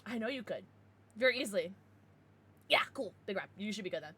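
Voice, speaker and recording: A woman streamer chatting casually with her viewers, excitable and swearing freely. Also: medium pitch, fairly quick, breathy edge. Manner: laughs and gasps often. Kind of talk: casual livestream chat with viewers.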